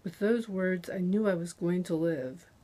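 A woman narrating a thriller audiobook in the first person, with a tense, unhurried delivery. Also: fairly low pitch, dark tone.

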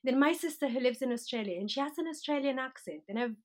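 Podcast guest: Filipino woman, Manila accent, higher voice, chatty, quick to laugh, mixes in Tagalog. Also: darkish tone. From Philippines. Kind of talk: casual interview chat.

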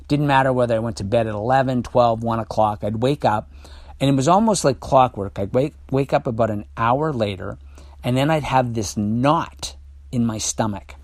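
A podcast host telling a candid personal story in a reflective, confessional way, halting often with restarts and fillers. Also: male voice, medium pitch, dry recording, clean studio sound.

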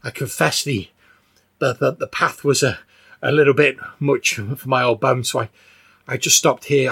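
Guy doing a breathless old lady, stammers over every word, gravelly husky voice pushed up high. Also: fairly bright tone. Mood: flustered. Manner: stammering, repeating words, breathless. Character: frail old female churchgoer, fussy and flustered.

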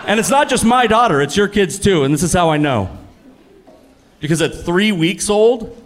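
A man in his thirties performing a stand-up comedy set on a club stage, with a punchy, animated delivery that jumps up on the punchlines. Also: high-pitched, moderate pace. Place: comedy club stage before a laughing audience.

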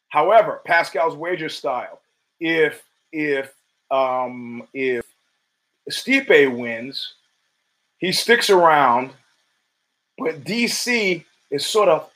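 A man's voice: a little high, fairly bright tone, poor audio. A man hosting his own podcast, talking in a casual, profane and rambling monologue with emphatic bursts. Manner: profane, rambling storytelling with frequent restarts. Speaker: podcast host.

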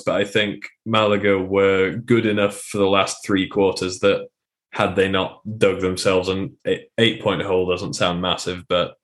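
A man co-hosting a sports podcast, talking through games in a measured, analytical way with frequent hesitations. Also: lowish voice. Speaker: podcast co-host. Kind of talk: casual sports chat.

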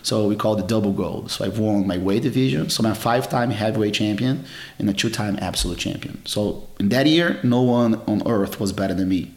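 Recounting his martial arts career, a middle-aged jiu-jitsu champion rambles through a casual interview, restarting often and using many fillers. He talks briskly in a fairly low voice, and the sound is roomy.

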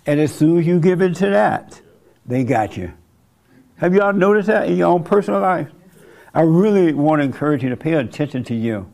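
Guy preaching casually to a small group, kinda high gravelly voice, asks questions and chuckles as he goes. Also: a little mellow. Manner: conversational, rhetorical questions, chuckles at his own points. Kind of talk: informal sermon to a small group.

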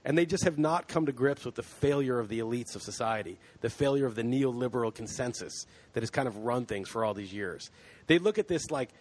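A man's voice: medium pitch, expressive, brisk. Man ranting heatedly on a podcast. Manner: heated, ranting, swears freely. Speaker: podcast host. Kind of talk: casual chat.

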